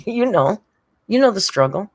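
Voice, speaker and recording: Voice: medium pitch, slight background noise. A livestreamer in casual, rambling chat, reading viewer comments aloud and talking to a pet cat between them. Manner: reads viewer comments aloud and thanks members; frequent laughter and filler words.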